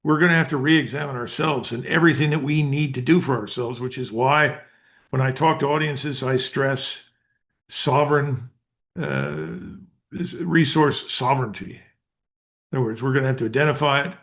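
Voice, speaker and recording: A man's voice: medium pitch, moderate pace, fairly bright tone. An older American man and retired colonel, a guest giving blunt, emphatic answers in an interview. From United States. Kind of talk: interview commentary.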